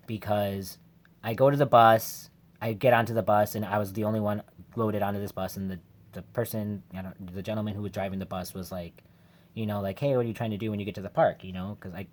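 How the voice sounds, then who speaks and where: A man's voice: fairly low pitch, steady tone, fast talker, darkish tone. A man vlogger telling a personal story in a casual, rambling way, candid and emotional, full of "like" fillers. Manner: rambling, heavy use of "like" fillers.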